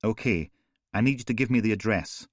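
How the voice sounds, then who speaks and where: A man's voice: lowish voice, brisk, no room sound, studio quality, close to an everyday voice. A man voicing a police emergency operator, firm, insistent and controlled.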